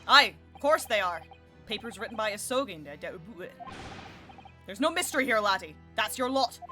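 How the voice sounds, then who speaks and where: A woman's voice: medium pitch, animated, fairly quick, bright, forceful tone, faint music behind. A woman voicing a brusque, dismissive male police inspector, middle-aged, in a put-on Scottish accent, while reading game dialogue aloud. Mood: gruff.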